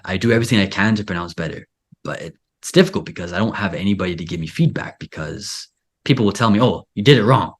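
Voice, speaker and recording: A man hosting a casual interview, talking in a rambling way full of filler "like". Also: fairly low pitch. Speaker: podcast host and Spanish teacher.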